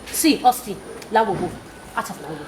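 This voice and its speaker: A woman's voice: mid-range voice, expressive, fairly quick, very noisy, lightly acted. An actress with a Nigerian Pidgin accent playing a young woman who sharply brushes off a pushy suitor. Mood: irritated. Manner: sharp, dismissive. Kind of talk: comedy film acting. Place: outdoor residential compound.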